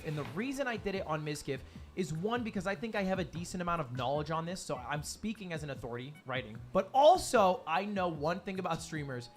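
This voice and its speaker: A man narrating his own vlog with confident, energetic delivery, heard as a clip played on a livestream. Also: sits high. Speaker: YouTuber explaining his channel challenge.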